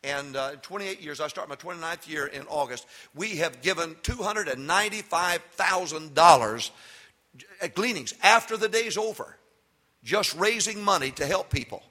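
An older man, a pastor giving a sermon that swings from loud emphatic preaching to folksy storytelling. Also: a little high, expressive, normal speed. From Texas.

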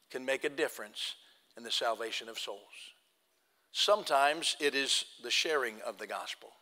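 A male pastor preaching a sermon, telling a story and acting out the voices in it, swinging between loud and hushed. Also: mid-range voice. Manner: acts out quoted dialogue, swings from loud to hushed. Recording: long hall reverb.

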